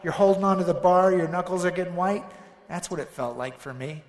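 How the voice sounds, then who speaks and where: A man preaching a sermon, telling stories in an animated way and acting out both sides of the dialogue. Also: sits high, a little fast. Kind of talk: sermon storytelling. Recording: echoey hall with long reverb.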